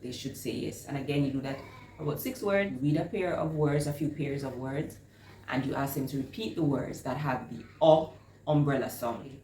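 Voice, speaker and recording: A woman hosting a reading lesson explains step by step in a rumbling low, mellow voice at a moderate pace, drawing out and repeating each sound she models. The room is echoey, with faint noise in the background.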